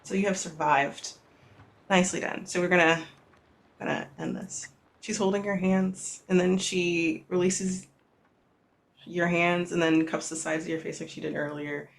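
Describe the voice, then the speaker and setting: A storyteller narrating a tabletop role-playing game in a soft, halting way with many fillers. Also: mid-range voice, creaky.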